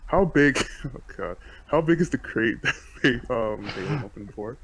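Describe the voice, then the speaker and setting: A man's voice: medium pitch, lively intonation, moderate pace, fairly bright tone, breathy edge, low-quality recording. A man playing a tabletop game, talking hesitantly with fillers and laughs. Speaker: player. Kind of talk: casual tabletop play.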